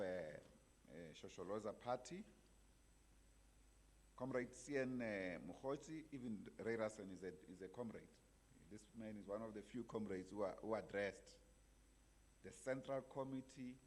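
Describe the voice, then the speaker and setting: A man chairing a conference and introducing guests, pausing often with fillers. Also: fairly low pitch, a little mellow. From South Africa. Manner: halting, many fillers. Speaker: programme director.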